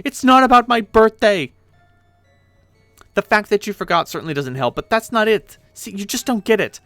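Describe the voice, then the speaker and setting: A man voicing a furious young woman who shouts and snaps sarcastically at her friend, in a webcomic read aloud with voices. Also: high voice, animated, fast talker, no room sound, faint music behind, pitched above the performer's own voice.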